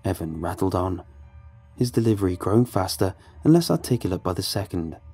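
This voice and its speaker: A man narrates a horror story in a dark, mellow voice with a husky edge. His delivery is measured and tense, and it sits fairly low. Faint music plays under the reading. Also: expressive.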